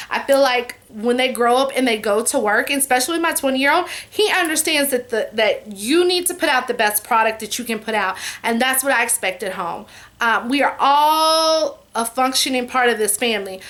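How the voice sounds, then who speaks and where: Woman, 40s, high bright voice, chatty Q&A vlogger. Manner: chatty, warm-hearted, says "y'all" and "you know" often. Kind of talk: casual Q&A chat to camera.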